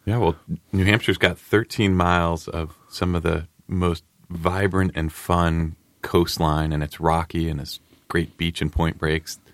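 A man from Massachusetts, a business owner, answering interview questions in a polite, measured, articulate way. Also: deep voice, little pitch movement, fairly bright tone, dry recording, studio quality.

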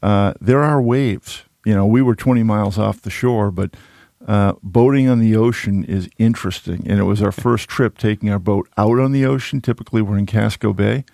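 A man's voice: fairly low pitch, normal speed, vocal fry, few pauses, warm tone, dry recording, clean studio sound. A middle-aged man from the Boston area hosting an interview, chatty and rambling with self-deprecating asides. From Boston area, Massachusetts. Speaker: podcast host. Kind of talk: casual interview chat.

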